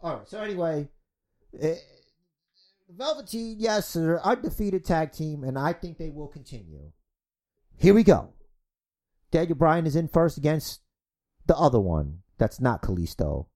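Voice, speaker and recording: A man hosting a podcast, calling mock wrestling play-by-play and chatting in an energetic, crude, fast-talking way. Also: on the high side. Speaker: podcast host.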